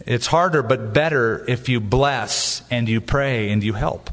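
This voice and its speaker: A man preaching a sermon as a pastor, animated and joking, acting out little asides. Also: medium pitch, moderate pace, long reverb tail.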